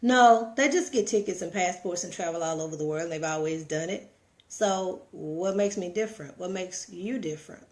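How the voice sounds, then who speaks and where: A woman's voice: fairly low pitch, moderate pace. A middle-aged woman with a Texan accent talks to her live viewers in a preachy, motivational way. She circles back to the same points and keeps asking rhetorical questions. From Texas. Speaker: vlogger. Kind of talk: motivational live-stream monologue.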